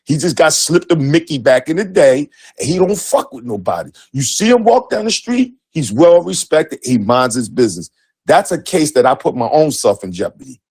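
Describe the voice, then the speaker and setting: A man's voice: fairly high pitch, very animated, normal speed, a little mellow, husky, dry recording. A middle-aged man, co-host of a sports talk show, telling a story with profanity and emphatic acted-out dialogue. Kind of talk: animated storytelling.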